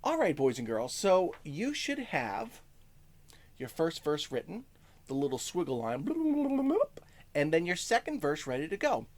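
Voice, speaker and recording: A male music teacher giving a first-grade lesson, speaking slowly to young children, checking in with "okay?" and singing short lines. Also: fairly high pitch, sing-song. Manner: lots of "okay?" check-ins.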